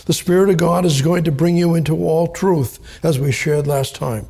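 Guy teaching bible verses, gravelly and kinda husky, mellow tone, repeats words slowly. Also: on the high side. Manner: slow and deliberate, spells out and repeats key words.

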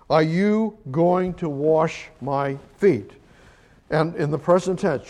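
A man teaching a verse-by-verse Bible sermon, slow and emphatic, repeating words as he explains. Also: on the high side, animated, gravelly, a little mellow. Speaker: preacher.

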